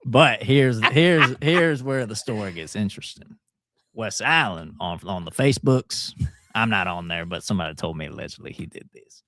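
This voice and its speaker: A man, co-hosting a political talk show and telling a rumor story in an animated way. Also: on the low side, normal speed, a little hiss or hum. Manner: animated storytelling, laughs often. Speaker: co-host.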